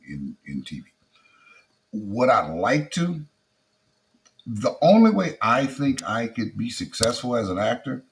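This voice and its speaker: Middle-aged male comic, South Louisiana Creole accent, low-pitched, easygoing storyteller who trails off. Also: low-quality recording. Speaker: comedian guest. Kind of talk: casual interview.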